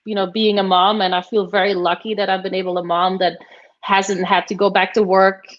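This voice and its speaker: A woman's voice: mid-range voice, flat delivery, brisk. A woman guest chatting casually and rambling a little, with plenty of fillers and restarts. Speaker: guest, former tennis player. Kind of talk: casual chat. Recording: slightly dull, muffled audio.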